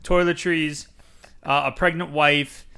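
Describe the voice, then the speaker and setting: A man's voice: a little high, steady tone, slow, vocal fry, sharp tone, smooth. A young man reading a book aloud on a podcast, dramatic in delivery and breaking off to joke. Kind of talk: casual reading aloud with asides.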